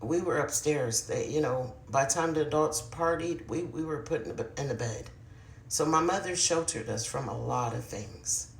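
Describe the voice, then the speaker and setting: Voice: mid-range voice, normal speed, gravelly, a little hiss or hum. Confiding storyteller in an echoey room. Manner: confiding, addresses viewers directly, drops to hushed murmurs. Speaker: paranormal storyteller vlogger. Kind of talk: casual spoken storytelling to camera.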